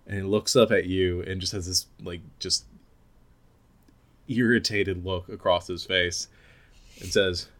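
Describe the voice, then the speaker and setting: A man narrating a tabletop game as game master, relaxed and hesitant, with lots of fillers. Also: deep voice, measured pace, pauses often.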